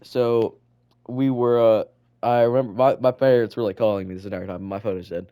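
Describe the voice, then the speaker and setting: A man's voice: medium pitch, fairly even intonation, brisk, dark tone, clear, resonant tone. A teenage boy co-hosting a student podcast, telling rambling stories in casual chat full of "like" and swearing. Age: teens.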